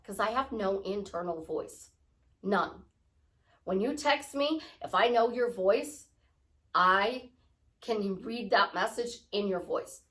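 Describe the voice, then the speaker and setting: A woman life coach talking casually to her viewers about prayer, rambling and acting out little dialogues. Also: mid-range voice. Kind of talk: casual spiritual talk to camera.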